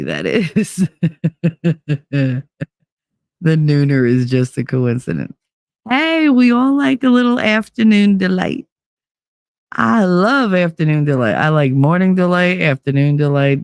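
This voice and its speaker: A woman's voice: deep voice, a little mellow, no room sound, clean studio sound. A woman from New Jersey hosting a casual livestream, rambling and swearing as she reads chat, sleepless and frazzled. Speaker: livestream host.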